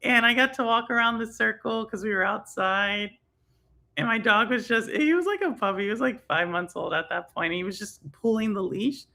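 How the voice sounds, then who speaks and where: A woman's voice: a little high, normal speed, vocal fry, bright, forceful tone. A young woman hosting a live stream, chatting casually with viewers, laughing often and filling her talk with fillers. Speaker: stream host reading chat.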